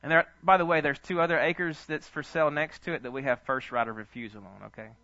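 A male pastor, telling stories in a sermon with an animated, chuckling manner. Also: a little high, fast talker, dry recording. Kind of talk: storytelling sermon. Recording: dull lo-fi dry sound.

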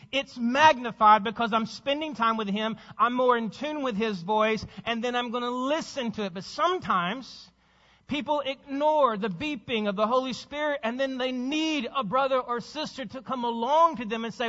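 Male pastor giving an urgent sermon, high voice, muffled, echoing sanctuary sound. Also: moderate pace, sharp tone. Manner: urgent, exhorting preacher with rhetorical questions.

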